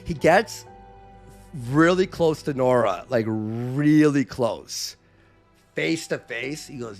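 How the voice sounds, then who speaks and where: A man casually telling a story on a live stream, animated, acting out what people said with shifting voice and volume. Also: mid-range voice, slow, faint music behind.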